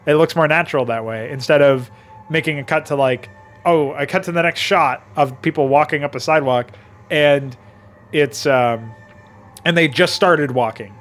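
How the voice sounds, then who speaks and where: A man's voice: a little high, moderate pace, a bit bright, soft background music. Self-mocking young man swearing. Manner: self-mocking, swears a lot, laughs often. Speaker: game designer reviewing his own campaign. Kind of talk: casual gameplay commentary.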